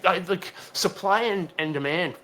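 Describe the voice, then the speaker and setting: A man's voice: high-pitched, bright, forceful tone, slight background noise. A man co-hosting a casual comedy podcast, stumbling over and repeating words as he rants. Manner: halting, repeats words, ranting. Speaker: podcast co-host.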